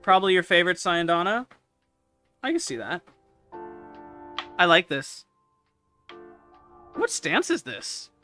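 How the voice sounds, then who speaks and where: High, animated, excitable male streamer. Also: measured pace, long pauses, faint music behind. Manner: excitable, swears freely, loud outbursts. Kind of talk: casual livestream commentary.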